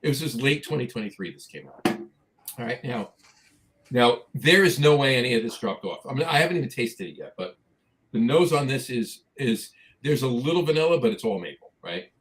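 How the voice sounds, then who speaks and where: An eager man with a New Jersey accent runs a casual podcast chat. He keeps circling back and repeating phrases to drive his point home, at an ordinary middle pitch. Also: lively intonation, brisk, fairly bright tone. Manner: enthusiastic, repeats himself for emphasis. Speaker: podcast co-host.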